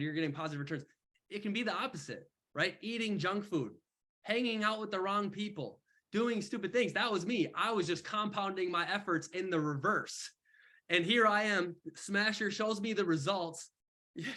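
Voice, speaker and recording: A young man mentoring on an online call, telling his story in casual, animated talk full of slang. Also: fairly high pitch. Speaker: mentor speaker.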